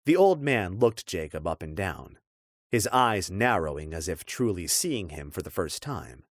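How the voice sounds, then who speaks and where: A man narrating a dark fantasy audiobook in a measured, expressive storytelling voice. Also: sits low, no echo, clean studio sound.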